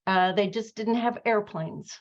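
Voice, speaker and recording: Here the host, a woman with a medium-pitched voice, shares a personal story in an unhurried, reflective way, with plenty of fillers and restarts. The interview is conversational and the audio sounds dull.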